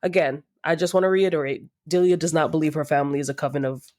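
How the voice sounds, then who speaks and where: A woman's voice: low voice, fast, darkish tone. A woman co-hosting a podcast, gushing in casual chat and laughing often. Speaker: podcast co-host. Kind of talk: casual book-review chat.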